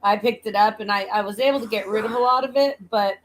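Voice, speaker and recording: A woman's voice: medium pitch, fast talker, a little hiss or hum, rough recording. A woman with a slight Southern accent, chatting casually on a livestream, teasing and laughing often.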